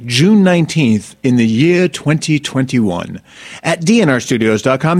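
A man hosting a comedy podcast, brash and campy, joking his way through the show's plugs and introductions. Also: mid-range voice. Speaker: podcast host.

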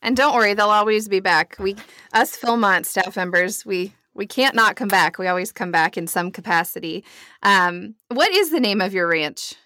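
A woman's voice: medium pitch, expressive, normal speed, sharp tone. Young woman host, lots of yeahs and mm-hmms, dry no-echo sound. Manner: encouraging, affirming, frequent mm-hmms. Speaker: podcast host. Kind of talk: interview hosting.

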